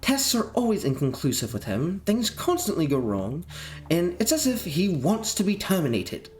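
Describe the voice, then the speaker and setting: A man's voice: high-pitched, wildly swooping pitch, moderate pace, voice pushed up. A man voicing an older woman official who speaks in a firm, lecturing tone. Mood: stern.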